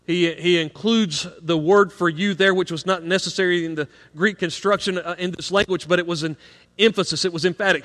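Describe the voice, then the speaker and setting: A man's voice: high-pitched, fairly quick, a bit bright. A middle-aged man preaching a sermon as pastor of a church, earnest and building emphasis on key points, often repeating a word as he starts a phrase. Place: church sanctuary. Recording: long hall reverb.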